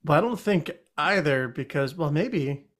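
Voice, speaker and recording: A man playing a tabletop game online, thinking aloud through a riddle with puzzled, animated talk. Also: a little high, unhurried. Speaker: player.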